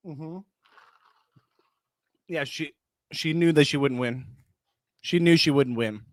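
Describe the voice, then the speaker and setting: A man's voice: a little high, slow, no echo. Chatty man hosting a live reaction stream. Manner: chatty, greets viewers in the chat, laughs often. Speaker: reality show reaction host. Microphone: close mic.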